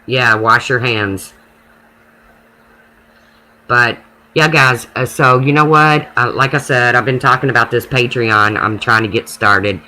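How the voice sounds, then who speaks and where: This is a man hosting a casual live stream, chatting with his audience and answering comments by name. His voice sits at an ordinary pitch with a bright, forward edge. He talks emphatically, with a preachy streak, as he makes his points. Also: unhurried, pauses often, poor audio.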